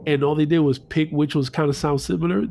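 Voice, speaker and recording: A man's voice: a little high, fairly even intonation, quick pace, vocal fry, darkish tone. A man retelling a story in casual chat, loose and profane, acting out the voices.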